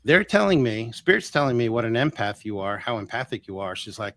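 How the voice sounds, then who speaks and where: A man telling a long personal story in an interview, lively and full of restarts, acting out the voices of the people he quotes. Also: medium pitch, brisk, few pauses, no room sound. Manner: animated, acts out quoted voices, many ums and restarts. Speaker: guest healer.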